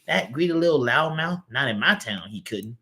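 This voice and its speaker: A man with a Southern US accent voicing a blunt, gruff, tough old grandmother. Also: medium pitch, expressive, moderate pace, bright, forceful tone.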